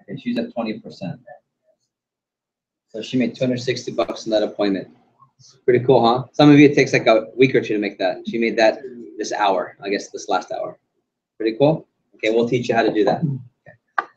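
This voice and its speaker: A man running a sales training class, animated and quizzing the group with questions. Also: mid-range voice, fairly quick, pauses often. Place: training room. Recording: dull lo-fi recording.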